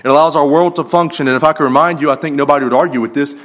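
A man's voice: a little high, steady tone, rapid-fire, fairly bright tone. A man preaching a sermon in a conversational way, telling stories and restarting his sentences. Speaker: pastor.

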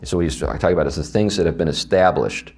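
Deep-voiced Southern man teaching a Bible class. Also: quick pace, breathy edge. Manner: conversational, animated, asks the class questions. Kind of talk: teaching a class on a confession of faith.

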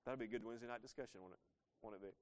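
A man's voice: lowish voice, rapid-fire. A man in his thirties preaching a sermon, talking conversationally and asking the listeners rhetorical questions. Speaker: pastor.

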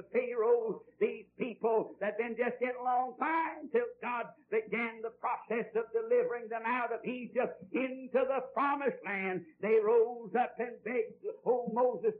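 A man preaching a fiery old-time revival sermon, swinging from shouts to low pleas. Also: slight background noise. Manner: fiery, shouting and dropping low in turns, folksy Southern phrasing. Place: revival tent. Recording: dull lo-fi old broadcast recording.

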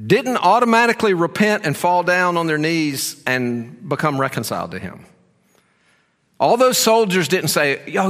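A man preaching a sermon as pastor, earnest and emphatic, moving between firm statements and hushed asides. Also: high-pitched. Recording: long reverb of a large hall.

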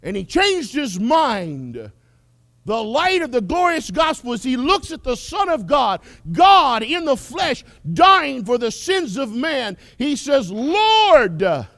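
A male preacher delivers a sermon in a measured, unhurried cadence. His voice is high and swoops widely, rising to loud declarations and falling to near whispers. The sound is dry and close. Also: big pitch swings, no room sound. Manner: impassioned, swings from loud declarations to hushed whispers.

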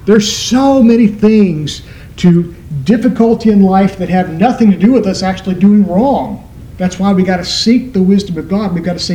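A man preaching a sermon as pastor, stressing words with emphatic shifts in pitch. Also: moderate pace, dark tone, reverberant, rough recording.

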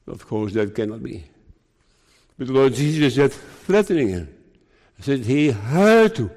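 A man preaching a sermon in a slow, emphatic way, raising his pitch to stress his points. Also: very animated, darkish tone. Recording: long hall reverb.

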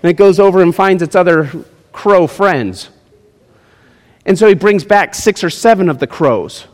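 Animated male pastor in a reverberant church. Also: high-pitched, moderate pace. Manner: animated, jokey, swings from loud to hushed. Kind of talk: sermon. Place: church sanctuary.

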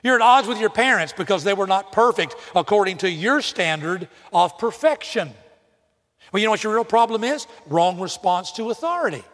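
A man's voice: high-pitched, lively intonation, normal speed, a bit bright, long reverb tail. A man preaching a sermon to students, direct and emphatic, acting out imagined apologies as examples.

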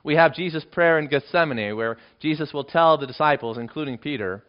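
A man's voice: a little high, fairly quick. A male pastor preaching an expository Bible sermon in an emphatic way, with dramatic swells in his delivery. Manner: emphatic, rising into dramatic readings of quoted lines. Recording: dull lo-fi recording.

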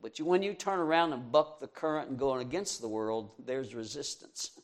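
A man preaching a sermon, earnest and direct, asking his listeners questions and swinging from loud emphasis to quiet asides. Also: mid-range voice, normal speed.

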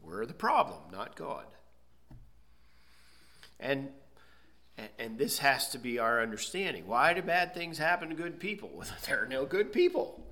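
A man's voice: medium pitch, sing-song, unhurried, long pauses, bright, forceful tone. A man preaching an expository sermon, teaching emphatically and asking rhetorical questions. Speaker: pastor.

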